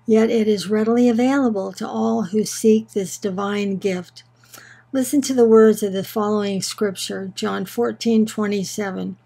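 A woman giving a scripted Bible lesson in a measured, earnest way, slowing down on key words for emphasis. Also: medium pitch, vocal fry, warm tone, poor audio. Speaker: Bible teacher. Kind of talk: scripted teaching narration.

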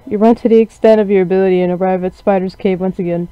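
A man's voice: high-pitched, little pitch movement, fast talker, hardly any pauses, mellow, smooth, no room sound. Man mocking a visual novel aloud. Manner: sarcastic, mocking asides. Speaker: gaming channel host. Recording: dry, dull lo-fi recording.

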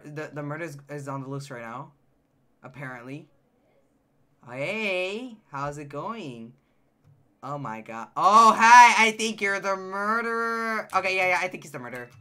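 High-voiced excitable male game streamer. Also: moderate pace, pauses often. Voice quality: high-pitched voice that sometimes cracks. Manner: excitable, chatty, reacts to chat, repeats phrases. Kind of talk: live-stream chat while gaming.

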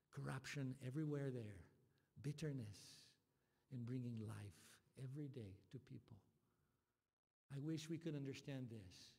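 A man preaching a sermon as pastor, speaking with passion and moving from soft, quiet lines to loud, rising appeals. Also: medium pitch, breathy edge. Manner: impassioned, swings from soft to loud. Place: church sanctuary. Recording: long hall reverb.

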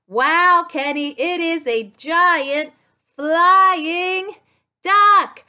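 A woman speech-language pathologist leads a playful lesson for children. Her voice is very high and bright. She speaks slowly in an animated, sing-song, exclamatory way.

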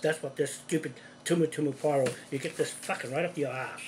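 A man giving an angry, profane monologue to camera from a room at home, accusing people directly and growing louder when heated. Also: a little high, fairly quick, a little hiss or hum, rough recording. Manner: forceful, ramps up in volume when heated. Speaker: video ranter.

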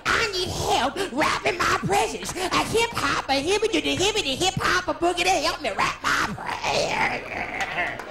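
A man's voice: very high voice, sing-song, measured pace, gravelly, music in the background, pitched above the performer's own voice, full character voice. A man impersonating a gushing, warbly elderly female musical star in a childlike, sing-song voice. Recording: echoey live room with audience.

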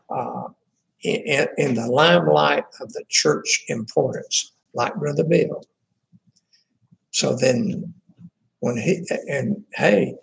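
A man, a pastor talking informally through the church's prayer requests in a halting, folksy way with many fillers and restarts. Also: a little high, creaky, rough recording.

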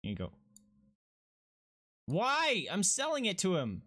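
A man doing casual let's-play commentary, swearing and excitable as he talks to himself and his viewers. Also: sits high, slow pace, background noise. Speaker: gaming streamer.

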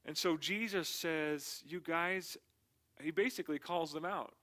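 A man's voice: a little high, moderate pace, pushed and bright. A male pastor giving a casual, conversational sermon with slangy asides.

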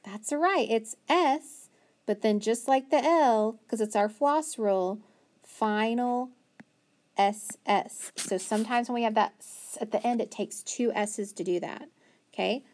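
A woman teaching a phonics lesson to young children, patient and encouraging, sounding out letters slowly. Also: on the high side, darkish tone.

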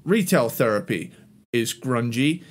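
A man's voice: mid-range voice, animated, measured pace. A man in casual review chat on a podcast, laughing often and making dry sarcastic asides. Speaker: podcast co-host.

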